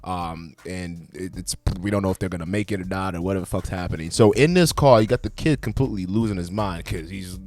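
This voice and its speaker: A man hosting a reaction video, giving blunt, profane commentary and lecturing his viewers in a loose, animated way. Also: deep voice, fast, few pauses, dry recording.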